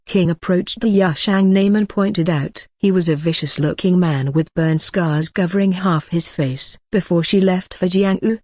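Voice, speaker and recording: An audiobook narrator reading a story in an even, steady way. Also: mid-range voice, no echo, clean studio sound.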